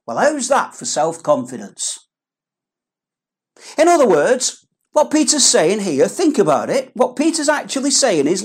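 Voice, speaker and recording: A woman's voice: medium pitch, wildly swooping pitch, a little slow, long pauses, darkish tone, breathy edge. A woman preaching an earnest, emphatic sermon with pleading repetitions.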